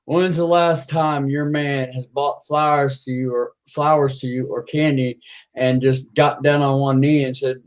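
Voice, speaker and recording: A man's voice: mid-range voice, steady tone, unhurried, poor audio. A man lecturing during a heated livestream argument, insistent and repeating himself.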